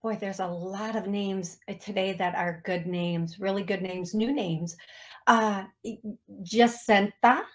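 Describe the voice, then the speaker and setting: Slow-talking chatty woman radio host. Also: mid-range voice, steady tone. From United States. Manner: self-deprecating, giggly, chatty. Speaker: psychic medium host. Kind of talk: casual radio show talk.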